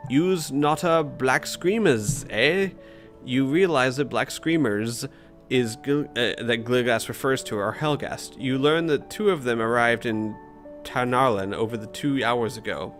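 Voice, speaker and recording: A man narrates a fantasy gamebook in a relaxed let's-read style, tripping over a word now and then and breaking off into chatty asides. His voice sits at a plain middle pitch. Faint music plays softly behind him. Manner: casual reader, occasional stumbles and chuckles. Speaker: host reading a gamebook aloud.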